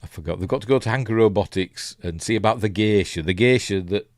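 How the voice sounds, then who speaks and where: Low-voiced Yorkshire man rambling. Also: quick pace, dry recording, clean studio sound. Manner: rambling and hesitant, many ums and restarts; chuckles at his own asides. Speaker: film reviewer hosting a live watch-along. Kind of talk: casual live commentary, reading chat.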